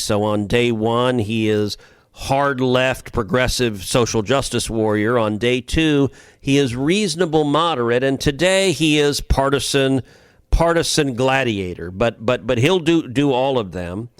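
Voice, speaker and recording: A man delivering political commentary on a podcast in an emphatic, argumentative way, often stumbling into a phrase by repeating a word. His voice sits in a middle pitch range, and the recording is dry and close, with no room sound. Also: normal speed, clean tone, dry recording. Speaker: podcast co-host, senator.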